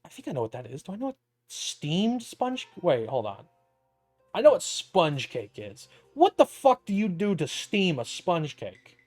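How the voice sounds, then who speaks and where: A man's voice: on the high side, huge pitch swings, a little slow, darkish tone, faint music behind. A young man streaming, reading an article aloud and riffing on it in a profane, incredulous, joking way. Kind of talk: casual reading and commentary.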